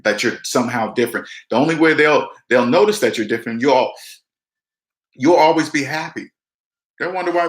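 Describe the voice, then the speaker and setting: A man in his forties talks straight to his viewers in a casual, preachy motivational monologue, repeating points and acting out what other people say. His voice sits in a middle pitch, and the room around him gives it a noticeable echo. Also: a bit bright. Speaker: personal finance vlogger.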